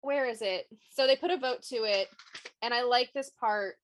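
A woman co-hosting a book podcast, chatting casually and retelling scenes with quick "she's like" asides. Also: on the high side, a little hiss or hum. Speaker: podcast co-host. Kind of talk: casual book-club chat.

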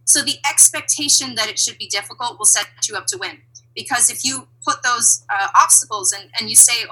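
A woman talking as an interview guest, reflective and animated, laughing now and then. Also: on the high side, fairly quick, husky, poor audio. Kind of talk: conversational interview.

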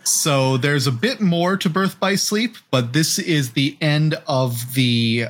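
A man's voice: on the high side, slow. A man co-hosting a casual game podcast, musing aloud and hedging his points. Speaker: podcast co-host. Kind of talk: casual chat.

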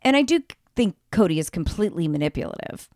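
A woman's voice: fairly low pitch, fast talker, no room sound, clean studio sound. A woman co-hosting a podcast, dishing reality TV gossip in casual chat, swearing freely and acting out what people said. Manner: animated, swearing, acts out quotes. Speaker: podcast co-host.

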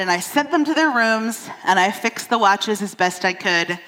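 A woman in her thirties preaches a sermon into a stage microphone, blending humor with candid, self-deprecating anecdotes about her kids. Her medium-pitched voice is bright and clear, trailing a long church-hall reverb.

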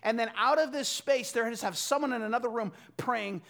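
A man in his thirties preaching a sermon, telling stories and swinging from loud bursts to quiet asides. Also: very high voice, brisk, creaky. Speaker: pastor.

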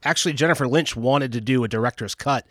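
A man's voice: mid-range voice, quick pace, a bit bright, no echo, clean studio sound. A man hosting a podcast, chatting casually in long rambling turns that restart often. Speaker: podcast host. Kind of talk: casual chat.

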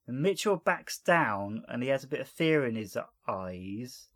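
A male podcast host with a mid-range voice recaps an episode in relaxed conversation. He is jokey and laughs easily between lines. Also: mid-range voice, measured pace, hardly any pauses. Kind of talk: casual chat recapping a TV episode.

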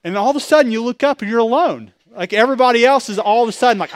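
A man, a pastor preaching a sermon in a conversational way, swinging between loud emphasis and quiet asides. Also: very high voice, very fast, no room sound, clean studio sound.

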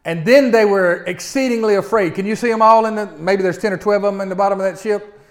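A middle-aged man preaches a sermon fast and in a high voice. His style is folksy and animated, and he often speaks directly to his listeners.

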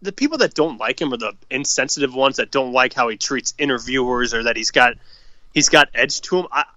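A man's voice: mid-range voice, animated, a little fast, bright, forceful tone, no room sound, muffled recording. A man co-hosting a casual hockey podcast, swearing freely and ranting with strong opinions. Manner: profane, fired-up hockey opinions. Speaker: podcast co-host. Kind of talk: casual sports chat.

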